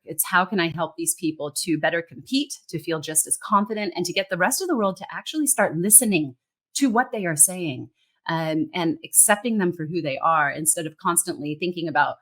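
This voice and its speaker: A woman's voice: fairly low pitch, a bit bright. A woman from Central California with a Californian accent, speaking passionately and emphatically as an interview guest. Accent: Californian American English. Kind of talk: interview conversation.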